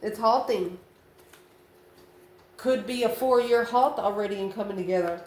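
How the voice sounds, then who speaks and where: A woman's voice: mid-range voice, normal speed, a little mellow. A woman reading tarot cards in a loose, chatty way, calling the listener honey and laughing between cards. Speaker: tarot reader. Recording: roomy echo, faint ambient noise.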